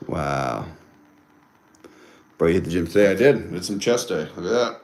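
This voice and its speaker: A man's voice: low-pitched, expressive, normal speed, darkish tone. A young man hosts a casual livestream from home. He reads viewer comments aloud, banters with them and often repeats his phrases. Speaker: livestream host. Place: indoors at home with a TV on.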